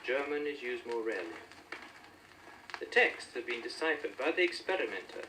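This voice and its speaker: A man's voice: mid-range voice, big pitch swings, normal speed. A man giving formal, matter-of-fact scripted documentary narration on an old record. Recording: distant, hissy old vinyl recording.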